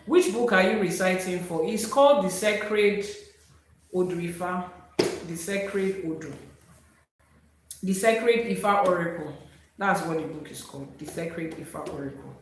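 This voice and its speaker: A woman with a Yoruba accent teaching Ifá on a live stream. She recites verses and then explains them slowly. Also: medium pitch. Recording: very echoey room.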